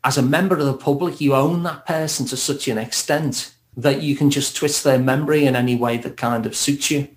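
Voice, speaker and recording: A man's voice: mid-range voice, fairly even intonation, a little fast, few pauses. Liverpudlian male guest, mid-range voice, thoughtful and easygoing. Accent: Liverpool (Scouse). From Liverpool, England. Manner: reflective, laughs lightly as he talks. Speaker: podcast guest, therapist. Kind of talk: casual podcast conversation.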